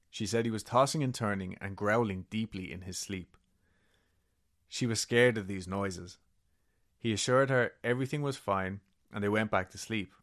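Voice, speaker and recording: A man co-hosting a podcast, casually retelling a story and reading quotes from a book, with swearing and laughing asides. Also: lowish voice. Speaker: podcast co-host.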